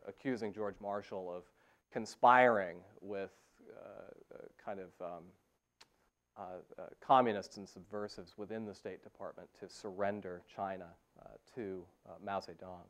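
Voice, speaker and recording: Male history professor, lower voice, lecture delivery with frequent "uh" pauses. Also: fairly even intonation. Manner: frequent "uh" fillers and restarts. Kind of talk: academic lecture. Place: university lecture hall.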